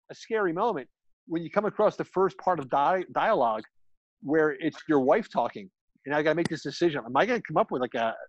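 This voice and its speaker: A man's voice: on the high side, dry recording. A man with a somewhat raised voice rambles candidly through his stories on a group video call. The sound is dry and a bit muffled, close to the mic with no room around it. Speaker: author and guest. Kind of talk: casual group chat.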